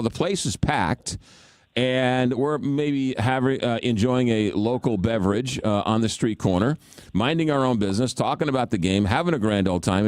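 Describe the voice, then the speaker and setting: A man hosting a radio talk show, telling a story in an animated, self-mocking way. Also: medium pitch, no room sound.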